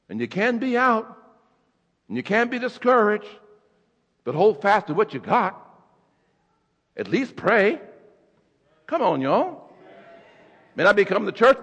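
Man, pastor, sermon, hushed then shouting, bright tense voice, long church reverb. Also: high-pitched, creaky, dull audio. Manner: swings between hushed storytelling and shouted exhortation. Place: church sanctuary.

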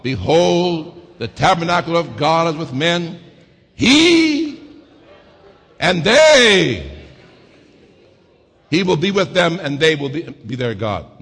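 A middle-aged man preaching a sermon as pastor, calling for amens and swinging from low murmurs to shouts. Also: husky, big-room sound. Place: church sanctuary.

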